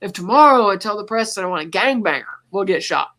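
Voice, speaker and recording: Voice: mid-range voice, fast. A podcast co-host casually recapping a movie scene by scene, quoting its lines along the way and laughing often. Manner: animated retelling, quoting movie lines in passing.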